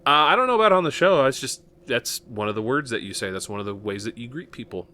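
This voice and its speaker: A man's voice: mid-range voice, animated, fast, pushed and bright, slight background noise. Rambling, chuckling man from Nebraska. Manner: rambling and chuckling, many fillers. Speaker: podcast host. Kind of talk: casual podcast chat.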